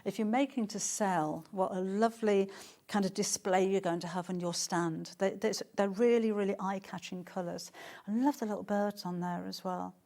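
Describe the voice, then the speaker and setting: A woman's voice: mid-range voice, steady tone, normal speed, mellow. A middle-aged woman presenting fabrics on a live sales show, chatting and gushing with lots of restarts.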